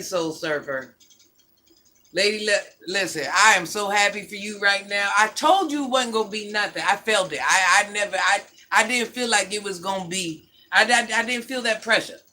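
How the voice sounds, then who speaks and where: A woman's voice: medium pitch, moderate pace, sharp tone. Sassy older woman scolding her chat. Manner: sassy, scolding, blunt talk-back. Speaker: livestream host. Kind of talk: casual livestream chat, answering viewer comments.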